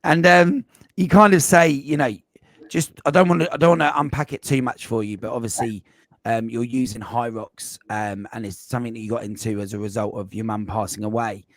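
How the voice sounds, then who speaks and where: A man hosting a podcast, asking questions gently and hesitantly with many fillers. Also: medium pitch, fairly even intonation, brisk, no room sound. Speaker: podcast host and coach. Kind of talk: interview chat.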